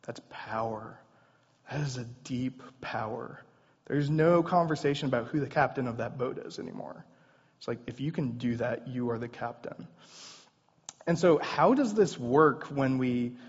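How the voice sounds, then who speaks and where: A man's voice: mid-range voice, breathy edge. A man preaching a sermon in an earnest, conversational way with casual asides. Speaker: pastor. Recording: dull sound in a long-reverb hall.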